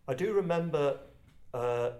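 An older English man from Kent telling personal stories to a group in a reflective, halting, self-deprecating way. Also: a little high, animated, dark tone. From England, Kent. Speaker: speaker addressing a group. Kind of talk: personal storytelling talk. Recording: roomy echo.

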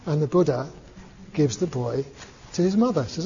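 Man, Buddhist teacher, relaxed storyteller, lo-fi with reverb. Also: fairly high pitch, moderate pace, a little hiss or hum. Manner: relaxed, chuckling, many fillers. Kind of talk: storytelling talk. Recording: dull lo-fi recording, long reverb.

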